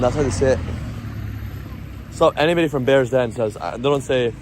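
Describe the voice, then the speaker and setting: A man's voice: medium pitch, brisk, darkish tone, slight background noise. A man talking casually to camera as a travel vlogger on a city street at night, rambling and explaining with lots of restarts.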